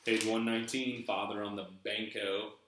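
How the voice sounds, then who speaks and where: In a very echoey room with a noisy background, a man hosting a treasure hunt video speaks at a moderate pace in a fairly low, level voice. Reading from a book, he muses in a chatty, folksy vlog style with a put-on Southern American accent.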